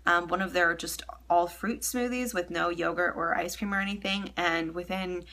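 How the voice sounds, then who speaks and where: A woman's voice: lowish voice, fairly even intonation, moderate pace, bright, forceful tone. A young woman talking candidly in a casual personal vlog, chatty and full of ums, emotional and close to tears. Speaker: vlogger.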